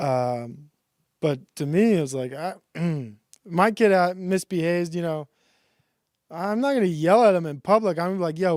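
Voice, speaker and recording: Man, thirties, sarcastic deadpan rant, rambling, dry close sound. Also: fairly high pitch, no room sound. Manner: rambling, loose delivery with restarts. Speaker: stream host. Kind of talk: satirical monologue.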